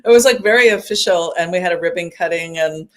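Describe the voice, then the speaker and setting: A woman's voice: on the low side, fast talker. Chatty, laughing woman in her fifties. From upstate New York. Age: 50s. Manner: chatty, laughing, with frequent restarts. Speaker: guest musician. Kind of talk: casual chat.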